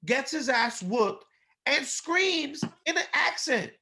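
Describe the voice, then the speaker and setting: A man co-hosting a podcast, chatting casually and bluntly about a wrestling show, animated and quick to mock. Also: extremely high pitch. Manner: blunt, animated, swears, mocking. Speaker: podcast co-host. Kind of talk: casual wrestling review chat.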